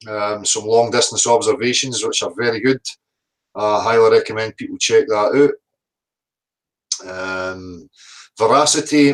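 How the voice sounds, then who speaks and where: A Scottish man hosts a relaxed livestream, chatting and rattling through viewers' names one after another. His voice sits at a middle pitch, with the plain sound of a video call. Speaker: livestream host. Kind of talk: casual livestream chat.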